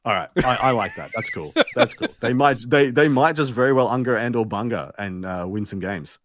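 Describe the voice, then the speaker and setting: A man's voice: medium pitch, a little fast, no echo, studio quality. A man co-hosting a casual gaming podcast, laid-back, rambling and jokey. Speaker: co-host.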